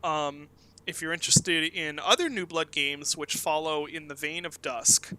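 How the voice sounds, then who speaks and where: A talkative man in his thirties chats casually as an interview guest, wandering through his thoughts with lots of ums and restarts. His voice is very bright and sits a little high for a man. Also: moderate pace, clean tone, poor audio. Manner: talkative, rambling with many fillers. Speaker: game developer guest.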